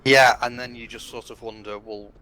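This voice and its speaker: A man's voice: medium pitch, fairly even intonation, normal speed, pushed and bright. A man chatting casually with a streamer about running tabletop games, asking rambling, laid-back questions. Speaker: game master friend on voice chat. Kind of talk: casual chat.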